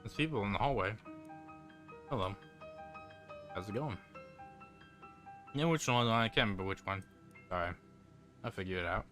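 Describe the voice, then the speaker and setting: A man's voice: on the low side, normal speed, pauses often, fairly bright tone, soft background music. A man casually commenting on a game and reading its text aloud as he plays. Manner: casual, offhand remarks. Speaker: gaming video host.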